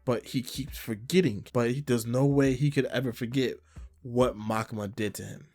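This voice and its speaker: A man recapping a manga chapter in a casual way, retelling each scene and slipping into quick quoted lines. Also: medium pitch, fairly even intonation, a little mellow.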